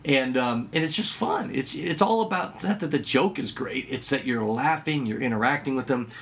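Animated man sharing kids' ministry tips. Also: moderate pace, gravelly. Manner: lively storyteller who acts out dialogue with sudden pitch jumps. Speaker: children's ministry worker and magician. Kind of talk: instructional talk with anecdotes.

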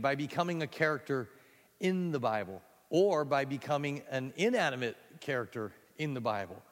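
A man leading a storytelling workshop for an audience, talking in an animated, self-deprecating way and often repeating words as he starts a sentence. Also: fairly high pitch. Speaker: speaker teaching storytelling to children's ministry workers. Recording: long hall reverb.

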